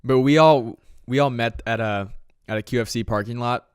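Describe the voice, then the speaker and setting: A man's voice: mid-range voice, normal speed, clear, resonant tone, dry recording, clean studio sound. A young man co-hosting a casual podcast, telling a story in a laid-back way and laughing along. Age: young adult. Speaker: podcast co-host. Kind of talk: casual chat.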